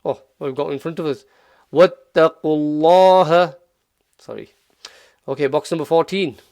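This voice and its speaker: A man teaching Quranic pronunciation in a relaxed tutorial, patiently repeating sounds slowly. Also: on the high side, no room sound, clean studio sound. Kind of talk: relaxed tutorial, modelling Arabic phrases slowly.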